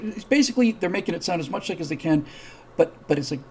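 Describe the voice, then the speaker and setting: A man's voice: high-pitched, animated, fast talker, a little hiss or hum, rough recording. A man hosting a live-streamed show, telling a story in a casual, rambling way, with many restarts, and acting out the characters' dialogue. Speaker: show host.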